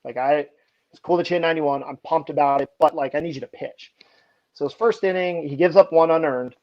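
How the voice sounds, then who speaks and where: A man and baseball pitching coach telling an animated story in a casual podcast chat, leaning heavily on "like". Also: brisk, muffled recording. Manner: animated anecdotes, heavy use of "like".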